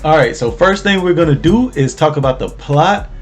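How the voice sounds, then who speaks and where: A man's voice: a little high, expressive, moderate pace, soft background music. A man casually recapping an anime episode as host, laid-back and slangy, laughing as he tells it.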